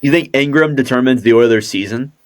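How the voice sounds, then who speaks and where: A man's voice: medium pitch, a little fast. A man hosting a podcast in casual chat who thinks aloud as he goes. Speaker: podcast host.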